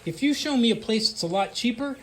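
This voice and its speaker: A man's voice: very high voice, animated, brisk, fairly bright tone, slight background noise. A middle-aged man from the United States in a casual interview, talking emphatically in bursts with frequent restarts. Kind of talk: casual conversation.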